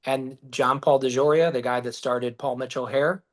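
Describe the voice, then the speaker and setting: A man being interviewed as a guest, telling stories in a lively, casual way, acting out quotes and swearing freely. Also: mid-range voice, normal speed. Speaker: guest, business founder. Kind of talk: storytelling in a podcast interview.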